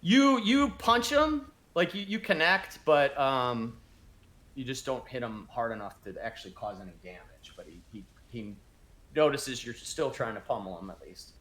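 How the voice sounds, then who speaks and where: A man narrating as game master of a tabletop game, speaking haltingly with many restarts. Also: medium pitch, animated, a bit bright.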